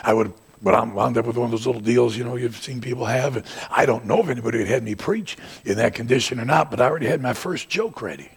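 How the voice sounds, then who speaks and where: Older man, preaching, gravelly and very husky, swings from shouting to near-quiet. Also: mid-range voice, fast, hardly any pauses. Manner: rising to shouts, then dropping to quiet asides. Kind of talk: sermon.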